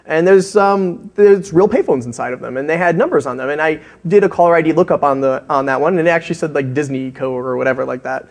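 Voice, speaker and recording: Co-presenter, man, slightly high voice, chatty and tangent-prone storyteller. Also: fast talker, hardly any pauses. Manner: rambling, goes off on tangents. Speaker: conference co-presenter. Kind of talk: anecdotal storytelling. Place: conference stage.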